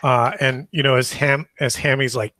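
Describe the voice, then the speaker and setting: A man running a tabletop game as game master, narrating in a halting way with frequent restarts. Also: medium pitch, level tone, pushed and bright, no echo.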